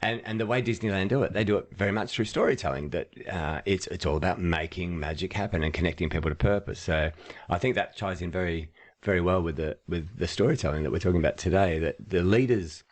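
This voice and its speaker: A man, co-hosting a podcast and telling workplace anecdotes in a casual, animated way, acting out quotes as he goes. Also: low-pitched, quick pace. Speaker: podcast co-host, leadership trainer. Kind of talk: casual storytelling chat.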